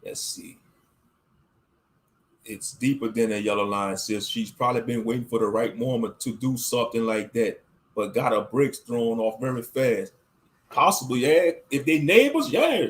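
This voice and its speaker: At a moderate pace, an American online commentator rambles through a casual rant. He's emphatic and uses plenty of slang, flipping from loud outbursts to muttering under his breath.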